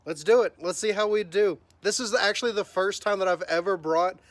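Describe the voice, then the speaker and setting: A man's voice: high voice, a little fast, no echo. A man hosting his gaming channel, giving upbeat live commentary and narrating each move as it happens. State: voice cracking from early morning.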